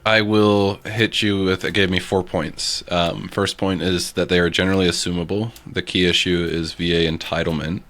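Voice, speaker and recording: Deep-voiced joking podcast co-host. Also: male voice, flat delivery, normal speed, few pauses, fairly bright tone. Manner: laid-back, joking, storytelling with many ums. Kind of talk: casual real estate podcast chat.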